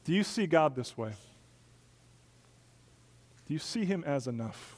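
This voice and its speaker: A man's voice: a little high, lively intonation, unhurried. Emphatic male pastor preaching. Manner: emphatic, rising to loud peaks then dropping soft. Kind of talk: sermon.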